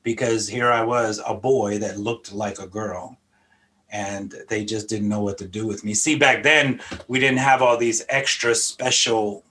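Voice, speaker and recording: A man's voice: on the low side, level tone, measured pace, bright, forceful tone. A middle-aged man from Philadelphia giving an earnest personal testimony in an interview, reflective and repeating words as he gathers his thoughts. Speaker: interview guest sharing testimony.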